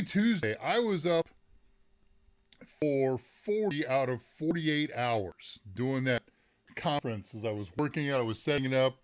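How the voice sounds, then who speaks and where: A middle-aged man hosts a live tech Q&A stream from his desk microphone. He chats casually and rambles, often breaking off mid-sentence to restart. He reads the viewers' chat aloud and laughs as he goes. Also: medium pitch.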